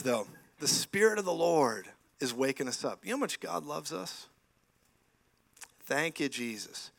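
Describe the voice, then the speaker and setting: A man's voice: fairly high pitch, a bit bright. Enthusiastic man preaching in church. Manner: enthusiastic, laughing asides, frequent praise interjections. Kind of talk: lively sermon with stories. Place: church sanctuary.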